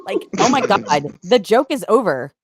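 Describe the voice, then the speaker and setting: A woman from the Philadelphia area, chatting casually on a group voice call with sarcastic, quick comebacks. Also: medium pitch, sing-song, crowd noise. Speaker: livestream guest.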